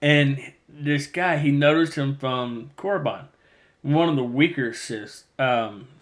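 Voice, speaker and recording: A man's voice: mid-range voice, slow pace. Rambling man retelling a story. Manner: rambling storyteller, acts out quoted lines. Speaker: podcast host. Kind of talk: casual chat retelling a novel.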